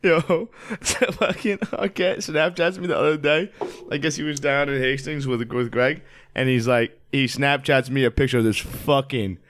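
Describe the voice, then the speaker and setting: A man's voice: medium pitch, steady tone, moderate pace, a bit bright. A young man co-hosting a podcast, telling crude stories in casual chat, swearing often and laughing through them. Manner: profane, laughing storyteller. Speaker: podcast co-host.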